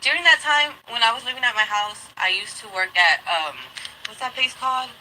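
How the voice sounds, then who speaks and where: A woman telling her own story in an interview, swearing constantly and replaying old arguments in a heated rush. Her voice is very bright and sharp at the edges. A faint noise runs under the recording. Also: on the high side, expressive, fairly quick, low-quality recording. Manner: profane, heated retelling with quoted outbursts. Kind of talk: candid personal storytelling.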